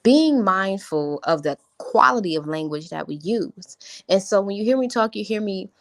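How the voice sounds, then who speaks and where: A young adult woman coaching on a live stream, talking in an animated way and leaning hard on positive words. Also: medium pitch, moderate pace. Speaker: life coach.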